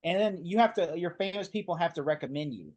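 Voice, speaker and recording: A man with a somewhat high voice chats casually on a podcast. He retells scenes with animated energy, acts out the characters' lines, and laughs often. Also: quick pace, dull audio. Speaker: podcast co-host. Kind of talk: casual chat.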